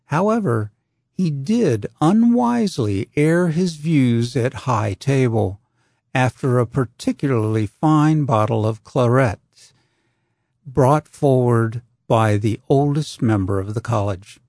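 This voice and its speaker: A man narrating an audiobook in a measured, deliberate way. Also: mid-range voice, expressive, a little mellow, no room sound, clean studio sound.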